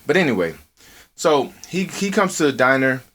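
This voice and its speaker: A man co-hosting a podcast, telling a story in casual, profanity-heavy talk, acting out quotes in a high voice. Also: normal speed. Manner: swears a lot, animated, acts out quotes in a high voice. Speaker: podcast co-host. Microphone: earphones with mic.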